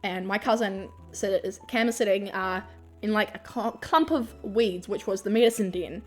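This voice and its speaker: A young woman tells a storytime vlog, animated, laughing often and swearing freely. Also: medium pitch, moderate pace, faint music behind. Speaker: vlogger.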